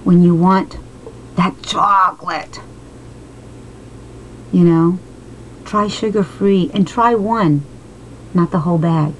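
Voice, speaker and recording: A woman in her late forties talking slowly and emotionally in a personal vlog, encouraging her viewers. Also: lowish voice, slight background noise, poor audio. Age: 40s. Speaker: vlogger. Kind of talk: heartfelt personal vlog talk.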